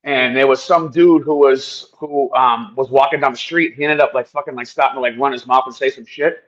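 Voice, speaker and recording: A man's voice: mid-range voice, fairly even intonation, a little fast, fairly bright tone, highs cut off. A man talking heatedly in a casual chat on a video call. He swears a lot and restarts his words. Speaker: guest on a livestream.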